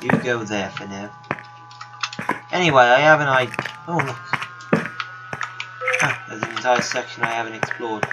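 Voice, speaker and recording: A man's voice: mid-range voice, moderate pace, pauses often, over loud music, low-quality recording. A man giving rambling, wry gaming commentary as a let's play host, talking to himself as he plays. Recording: loud background noise.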